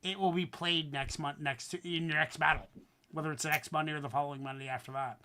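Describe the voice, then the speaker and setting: A high, bright-voiced man running a live stream, talking fast and loose about a track he just heard. He gets worked up easily, swears casually, and keeps the tone of relaxed online chat. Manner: animated, swearing, excitable judging. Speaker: host. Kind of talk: casual livestream commentary.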